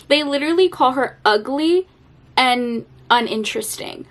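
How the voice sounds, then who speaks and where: A young woman vlogging casually about a book she is rereading, chatty and animated, laughing and swearing now and then. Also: high voice, normal speed. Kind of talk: casual vlog chat.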